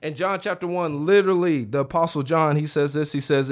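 A man preaching a revival sermon in a church, animated, acting out quoted voices and calling on the congregation to answer back. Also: a little high, fairly quick, few pauses. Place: church sanctuary.

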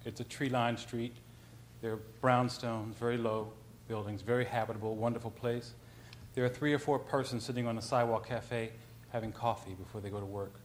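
Male author, lecture storytelling, animated and conversational. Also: mid-range voice, a little fast, a little hiss or hum. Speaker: author giving a talk.

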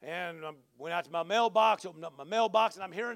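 A man preaching with a high, bright voice. He tells his story in a rambling, animated way, with restarts and bursts of loud exclamation. The sound is dry and close, with no room echo. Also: quick pace. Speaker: pastor. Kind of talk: sermon with a personal story.

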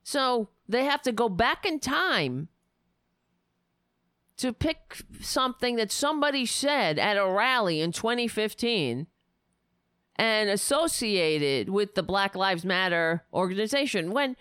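A woman delivering angry, sarcastic political commentary, ranting heatedly with profanity and sudden loud bursts. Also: mid-range voice, lively intonation, slow pace, clean tone, no room sound, clean studio sound.

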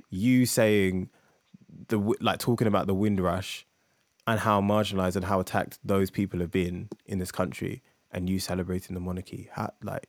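Guy on a podcast reading out an essay, lowish voice, dry close mic. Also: no room sound. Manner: reads aloud with asides and filler. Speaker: podcast co-host. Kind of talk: casual chat, reading an essay aloud.

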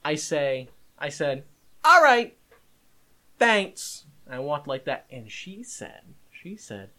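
A man co-hosting a casual podcast, telling a story in an animated, exasperated way. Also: mid-range voice, unhurried. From Italian-American. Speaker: podcast co-host. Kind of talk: casual chat.

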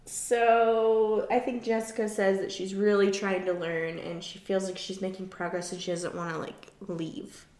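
A woman co-hosting a casual recap podcast, relaxed and giggly, with many fillers. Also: mid-range voice, a little slow, hardly any pauses, echoey room. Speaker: podcast co-host.

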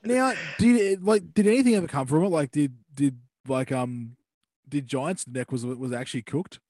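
A man co-hosting a casual podcast, speaking haltingly with a lot of "like" fillers. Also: on the high side, a little mellow, dry recording. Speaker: podcast co-host. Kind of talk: casual chat.

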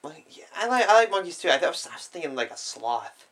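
Bright-voiced man with dry quips. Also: on the high side, sing-song, quick pace. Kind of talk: casual chat.

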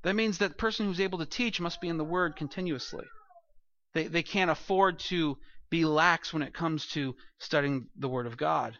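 A man's voice: high voice, sharp tone, no echo, highs cut off. A man in his thirties, a pastor, preaching a conversational sermon in a casual, self-deprecating way, full of restarts and fillers.

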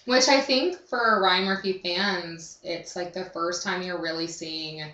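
A woman's voice: fairly low pitch, steady tone, unhurried, pushed and bright. Chatty woman, off-mic and roomy. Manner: chatty, upbeat, heavy use of "like". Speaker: podcast co-host. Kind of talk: casual chat. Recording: distant, roomy, dull mic sound.

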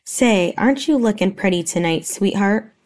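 A woman's voice: medium pitch, expressive, moderate pace, a little mellow, close to an everyday voice. A woman voicing a drunk male mechanic who slurs his words sloppily. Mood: leering. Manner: slurred and sloppy.

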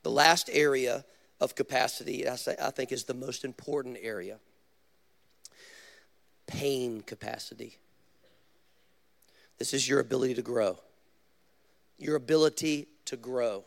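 A man, a pastor, preaching a sermon with animated storytelling and direct questions to the congregation. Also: medium pitch, measured pace, vocal fry, pauses often.

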